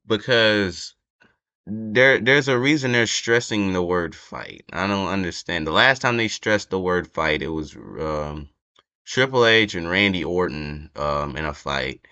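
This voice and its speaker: On a wrestling channel, a young man chats casually about predictions, wandering and hesitating with many fillers and false starts. He sits low in pitch, with lively intonation, an unhurried pace and a sharp tone, captured in a dull lo-fi home recording.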